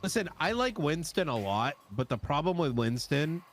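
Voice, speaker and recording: A man in a casual roleplay chat, his pitch swinging up and down a lot. He stops and restarts often and fills gaps with "um" and "you know", with faint music playing behind him. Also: sing-song. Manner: halting, restarts and filler words. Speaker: fellow roleplay player.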